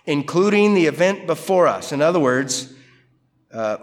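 Higher-voiced man teaching a Bible passage. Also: moderate pace. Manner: conversational, asks rhetorical questions; lively, emphatic delivery. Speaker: preacher.

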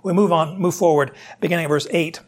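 A pastor preaches in an easy, conversational way, explaining scripture straight to his listeners. His voice is husky and sits a little high for a man. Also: steady tone, fast talker. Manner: conversational, explanatory, addresses the congregation directly. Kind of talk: sermon, verse-by-verse Bible teaching.

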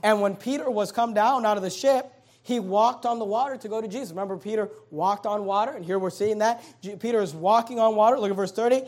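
A man's voice: high-pitched, fast, a little mellow. A male pastor preaching a sermon, reading scripture aloud and emphatically stretching out key words.

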